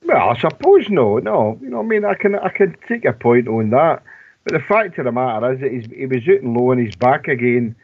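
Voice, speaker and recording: A man's voice: mid-range voice, sing-song. Scottish man on a tinny phone line. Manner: rambling, halting with many restarts. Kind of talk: casual football chat.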